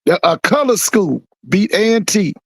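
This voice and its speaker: A man's voice: sits high, very animated, normal speed, a bit bright, no echo, rough recording. A man co-hosting a casual sports podcast, laid-back and playful, repeating himself as he goes. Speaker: podcast co-host.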